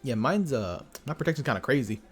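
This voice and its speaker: A man's voice: mid-range voice, very animated, quick pace, breathy edge, faint music behind. Joking young male game streamer. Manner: joking, laughs often, slangy. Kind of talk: casual gaming commentary.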